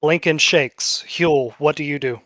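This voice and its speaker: Male game master, higher-pitched, casual and profane, dry close sound. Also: sharp tone, dry recording. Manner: casual, swears freely, slows for dramatic narration. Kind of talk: narrating a tabletop game.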